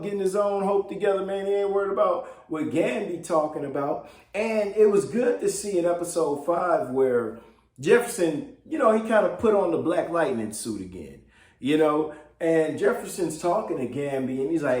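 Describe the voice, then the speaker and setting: A man's voice: a little high, animated, normal speed, a little mellow. Chatty man recapping in a roomy echo. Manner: loose and chatty, full of fillers, keeps saying "man". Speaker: TV show recap blogger. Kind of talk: casual episode recap.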